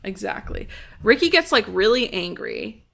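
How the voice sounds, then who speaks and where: A podcast co-host with a gravelly, fry-heavy, medium-pitched voice recaps a TV episode in casual chat, her pitch swooping wildly in a bright, forceful tone. She keeps a quick, dry, sardonic pace and slips into acting out the characters' lines.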